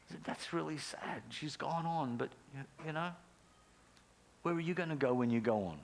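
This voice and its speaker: A middle-aged man preaching a sermon, telling stories earnestly, with lively bursts and quiet, near-whispered prayers. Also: a little high, normal speed, gravelly, long pauses, slight background noise. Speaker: pastor.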